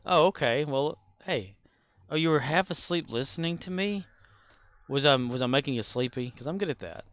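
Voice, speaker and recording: A man's voice: a little high, moderate pace, a bit bright, clean tone, no room sound. A man streaming a game, chatting casually and rambling on, laughing often as he talks. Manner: rambling, talkative; laughs often while talking. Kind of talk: casual chat while gaming.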